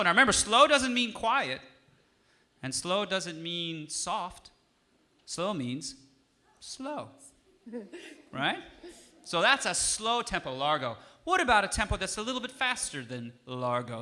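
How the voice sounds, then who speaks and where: A man who is a musician teaching a young audience, lively and encouraging as he coaxes them to answer. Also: high voice, normal speed. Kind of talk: interactive music lesson for kids.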